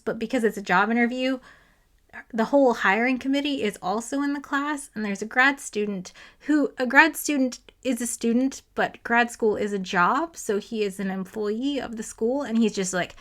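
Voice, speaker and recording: A woman's voice: a little high, moderate pace, fairly bright tone. A woman, a physicist, giving a casual, exasperated and sarcastic spoken review of a novel, with a lot of "like" fillers. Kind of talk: casual commentary to camera.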